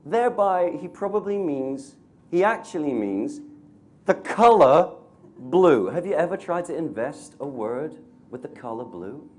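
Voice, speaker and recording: A man's voice: on the high side, moderate pace, slight background noise. A man from North Wales telling an anecdote to teachers as an actor and voice coach, laughing often as he goes. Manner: lively storyteller who laughs often. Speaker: actor and voice coach guest speaker.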